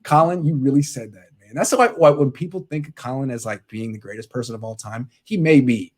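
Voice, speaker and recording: A man hosting a sports podcast, telling stories in casual chat with sudden loud outbursts and muttered asides. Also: mid-range voice, fairly quick. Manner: excitable storyteller, jumps between loud outbursts and muttered asides.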